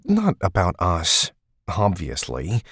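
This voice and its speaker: A man's voice: deep voice, wildly swooping pitch, slow pace, fairly bright tone, breathy edge, no echo, clean studio sound, heavily acted. A male narrator voicing a tense, blunt ex-agent who speaks tersely and coolly. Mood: cool, cutting. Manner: terse, cool and cutting. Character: tense, blunt man, fed-up ex-field agent partner.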